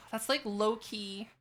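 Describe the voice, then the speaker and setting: A woman's voice: medium pitch, fairly bright tone. A woman streaming live, chatting casually and rambling with lots of fillers. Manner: rambling, filler-heavy, restarts often.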